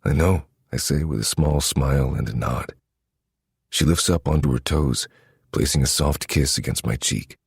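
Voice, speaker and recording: A man narrating a first-person romance story in a low, intimate, steady manner. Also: normal speed, creaky, husky, no echo, clean studio sound. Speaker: audiobook narrator.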